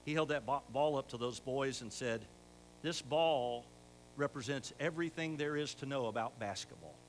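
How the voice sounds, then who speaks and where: Older pastor preaching in a hall. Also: male voice, medium pitch, moderate pace. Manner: folksy, rising to emphatic exhortation. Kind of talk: sermon. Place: church sanctuary. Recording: echoey church hall with faint hum.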